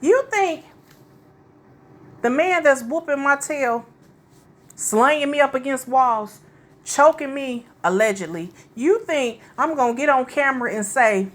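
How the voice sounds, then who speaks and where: Slow, sassy woman commentator. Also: high voice, expressive. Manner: sassy, slangy, addresses viewers as "y'all". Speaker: commentary video host. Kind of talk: casual reaction commentary.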